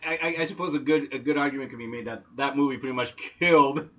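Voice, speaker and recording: A man in a casual movie chat, halting and repeating his words. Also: mid-range voice. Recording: distant lo-fi recording.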